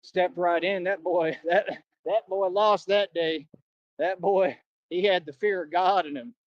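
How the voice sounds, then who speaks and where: In dull, dry, lo-fi stream audio with no room sound, a high-pitched young man speaks a little slowly with fairly even intonation. A former bouncer, he rambles through a slangy, combative, bragging rant on his livestream.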